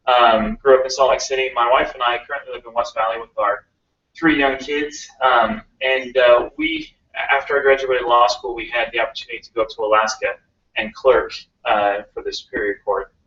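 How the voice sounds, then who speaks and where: A man in his thirties giving an earnest, halting campaign speech to a meeting room, stumbling on uhs as he goes. He sounds far from the mic, with a roomy echo and a dull, lo-fi tone. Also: mid-range voice, a bit bright. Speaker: county council candidate.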